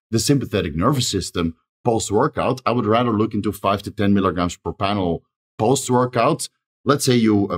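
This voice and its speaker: A low, husky-voiced man talks fast in a solo advice monologue for his own channel. He rattles off long lists of numbers and doses, checking in with a quick "right?" along the way. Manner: rapid, rattles off lists of dosages with frequent "right?" tags. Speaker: channel host giving advice.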